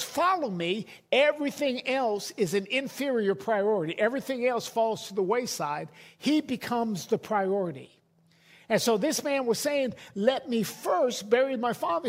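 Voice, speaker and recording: High-voiced male pastor preaching. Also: expressive, moderate pace. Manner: conversational preaching with repeated restarts. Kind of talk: sermon. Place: church hall.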